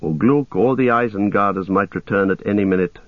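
Low-voiced man reading a story. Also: fairly quick, dry recording. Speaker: audiobook narrator. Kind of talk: scripted narration. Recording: tinny phone-like sound, dry.

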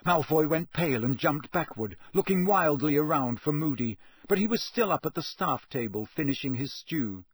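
A man narrates a children's fantasy book in a steady, even way. His voice sits somewhat high for a man and has a husky edge. The sound is close and dry. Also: moderate pace, few pauses, no echo. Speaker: audiobook narrator. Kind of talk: scripted narration.

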